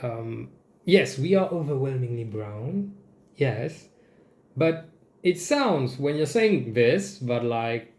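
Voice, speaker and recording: A young Mauritian man with a Mauritian accent, giving casual comedic commentary in a sarcastic, swearing, animated way. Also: mid-range voice, slow pace. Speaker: vlogger. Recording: echoey room.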